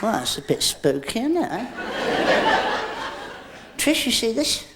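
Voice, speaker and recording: Squeaky, animated cheeky male comedian. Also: a little slow, over a noisy crowd. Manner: cheeky, teasing banter full of innuendo, squeaky shrieking rises. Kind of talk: live stand-up with an audience volunteer. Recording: loud hiss on an old VHS tape recording.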